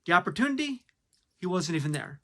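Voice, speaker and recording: A man's voice: high voice, very animated, fast talker, fairly bright tone. A man giving a blunt, casual opinion monologue, full of fillers and rhetorical questions. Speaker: commentator.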